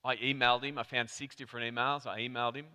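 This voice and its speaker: An Australian man from Melbourne giving a conference talk, telling a chatty anecdote with quick asides to the audience. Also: medium pitch, level tone, sharp tone, smooth. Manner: chatty storyteller, rapid asides. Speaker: conference presenter. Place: conference hall. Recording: reverberant hall.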